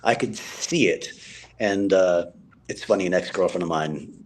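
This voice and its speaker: Laid-back man with a husky voice. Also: low-pitched, a little slow, low-quality recording. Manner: chatty, laughs easily, storytelling. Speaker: stage actor guest. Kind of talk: casual interview on a live stream. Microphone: phone.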